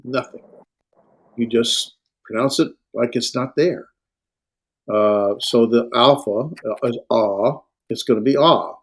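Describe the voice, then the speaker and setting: A man lecturing on Greek to a class, halting and full of fillers and self-corrections. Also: mid-range voice, fairly even intonation. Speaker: Greek instructor.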